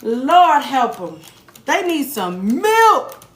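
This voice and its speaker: Speaking extremely slowly in a high, sing-song voice, a woman offers her viewers a laid-back tarot reading full of bluntness, profanity, and jokes on the side. She's recorded in an echoey room carrying faint noise.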